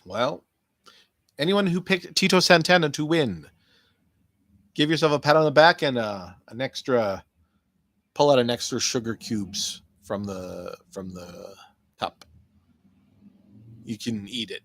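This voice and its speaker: Slow, dry-voiced joking podcast man. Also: medium pitch, a bit bright, no echo. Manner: profane, jokey, talks to imagined listeners. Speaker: podcast host. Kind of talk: casual solo podcast rambling.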